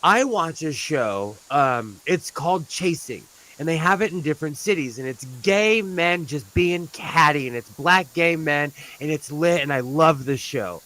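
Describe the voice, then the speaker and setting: A man's voice: on the high side, animated, unhurried, few pauses, pushed and bright, low-quality recording. A man from California chatting casually on a live stream, rambling through stories and laughing often. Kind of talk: casual chat.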